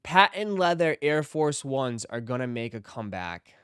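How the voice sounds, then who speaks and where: A man's voice: medium pitch, sing-song, moderate pace, a bit bright, clean tone, no room sound, studio quality. A man hosting a casual live stream, reacting to clips with frequent laughter and playful remarks. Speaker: livestream host.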